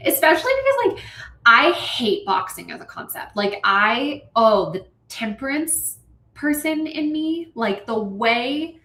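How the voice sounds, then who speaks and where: A woman hosting a casual stream, chatting animatedly and reading out viewer comments with quick asides. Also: fairly high pitch, lively intonation, pushed and bright. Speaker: streamer hosting a writing session. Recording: roomy echo.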